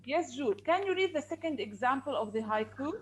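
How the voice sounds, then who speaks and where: A woman's voice: high voice, animated, brisk, rough recording. A woman teacher, patiently explaining and counting syllables aloud in a classroom.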